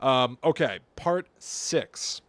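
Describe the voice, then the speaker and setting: A man's voice: mid-range voice, drawn-out words, no room sound. A man co-hosting a podcast, chatting casually and retelling a creepy story with playful asides. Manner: playful, laughs often, lively storytelling with acted quotes. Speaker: podcast co-host. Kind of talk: casual chat, reading a creepypasta.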